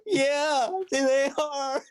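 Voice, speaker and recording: A woman plays a tabletop game, anxious and swearing as things go unexpectedly well. She speaks slowly, and her voice sits somewhat high. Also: flat delivery, no room sound. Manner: anxious, swearing, laughing nervously. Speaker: player. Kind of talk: casual tabletop play.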